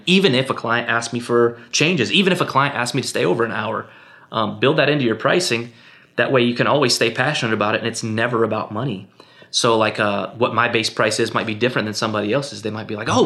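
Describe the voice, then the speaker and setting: A young man with a bright, forward voice chats candidly about his film work. He keeps it casual, leaning on fillers and jumping his pitch up to mimic other people. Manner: relaxed and candid, many fillers like um and you know; acts out other people's lines in a raised voice. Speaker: filmmaker guest. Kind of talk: casual interview answers.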